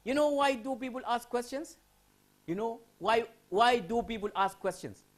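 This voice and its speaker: A man's voice: very high voice, moderate pace. A man from Sudan lecturing a class on English writing, asking students questions and repeating key phrases.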